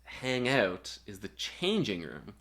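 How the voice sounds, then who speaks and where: Lower-voiced man telling a story. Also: slow pace. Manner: animated, profane anecdote telling with filler words. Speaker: guest musician. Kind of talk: casual storytelling chat.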